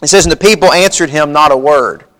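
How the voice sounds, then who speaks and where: A man's voice: on the high side, quick pace, fairly bright tone. A man preaching a sermon, reading scripture aloud in a folksy, emphatic way. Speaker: pastor. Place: church sanctuary.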